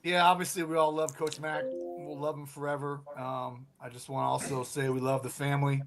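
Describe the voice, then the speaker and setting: A former college football player on a video call, giving soft-spoken farewell remarks. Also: male voice, mid-range voice, little pitch movement, a little fast, soft background music.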